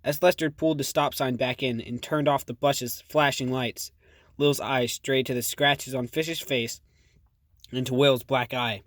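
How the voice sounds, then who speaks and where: A male audiobook narrator with a steady, measured read. His voice sits at an ordinary pitch for a man. The sound is dry and close to the mic. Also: no room sound.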